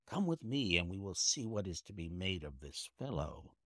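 A man voicing a shrewd Victorian detective, speaking in a bland, measured, quietly confident way. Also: low voice, very animated, no echo, clean studio sound, heavily acted.

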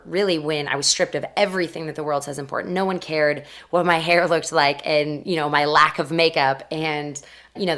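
Young female interviewee, low register, animated casual storyteller. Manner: animated, acts out quoted voices. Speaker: interview guest.

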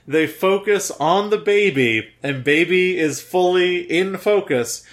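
A man's voice: high-pitched, takes it slowly. A man co-hosting a casual podcast, explaining at length with enthusiasm. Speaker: podcast co-host. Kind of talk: casual chat.

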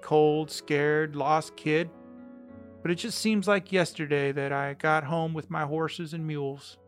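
A man's voice: fairly high pitch, a bit bright. Reflective man reading a letter aloud. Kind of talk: read-aloud story narration.

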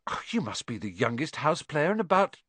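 An astonished young schoolboy squeaks upward in disbelief, as a male narrator voices him. His pitch leaps about wildly, and the recording is close and dry. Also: a little fast, breathy edge, no echo, heavily acted. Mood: amazed. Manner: excitable, voice jumping high.

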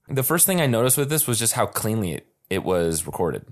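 Man, podcast co-host, very low voice, eager, halting music chat. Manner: animated, halting, restarts often. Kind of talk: casual chat.

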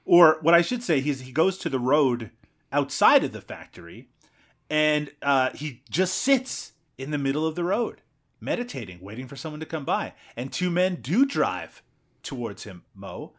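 A man's voice: a little high, big pitch swings, moderate pace, fairly bright tone. A man co-hosting a podcast, retelling a movie's plot in casual chat with jokes and asides. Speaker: podcast co-host.

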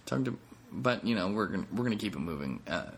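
A man's voice: fairly low pitch, lively intonation, quick pace, creaky, slightly rough. A man who is a comedian, hosting a casual solo podcast in a rambling, profane way with self-mocking jokes.

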